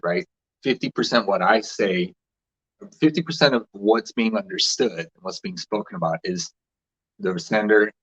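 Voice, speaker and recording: A man's voice: low voice, a bit bright, husky, lo-fi sound. A man hosting a casual livestream, rambling loosely with restarts and fillers as he greets viewers. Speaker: livestream host.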